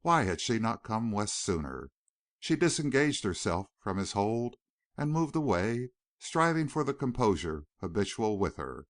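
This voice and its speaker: A man narrates a novel as an audiobook, reading the scripted story expressively. His voice is lowish, very animated and unhurried, recorded with no echo at studio quality.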